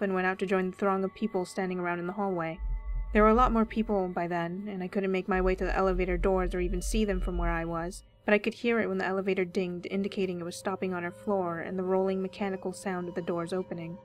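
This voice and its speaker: A woman reading a first-person horror story aloud with steady, measured storytelling. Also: lowish voice. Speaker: story reader. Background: faint background music.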